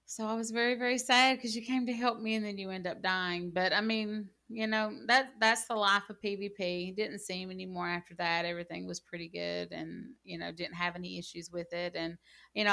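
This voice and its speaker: A woman's voice: medium pitch, vocal fry, pushed and bright. A woman in casual gaming chat, telling rambling stories full of "like" and "you know.". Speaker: gaming channel co-host.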